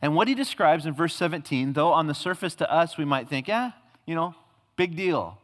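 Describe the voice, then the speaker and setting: A male pastor preaching a sermon, emphatic, swinging from loud declarations to hushed tones. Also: a little high, animated, moderate pace. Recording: long hall reverb.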